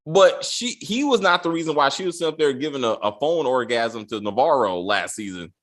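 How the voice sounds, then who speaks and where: A man hosting a casual review chat, animated and acting out characters' lines as he talks. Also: mid-range voice, a little fast. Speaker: podcast host.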